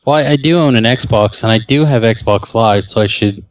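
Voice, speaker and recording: A man joins a podcast as a guest and trades deadpan jokes in loose, casual chat. His voice sits in the middle range for a man. The recording is dry and close. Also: medium pitch, normal speed, dry recording. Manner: deadpan, joking.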